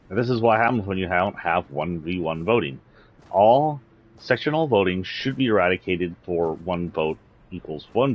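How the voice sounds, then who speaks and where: A man's voice: low voice, lo-fi sound. A man from Texas with a slight Southern accent, ranting bluntly and indignantly on a livestream. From San Antonio, Texas. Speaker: streamer. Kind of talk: political rant on a livestream.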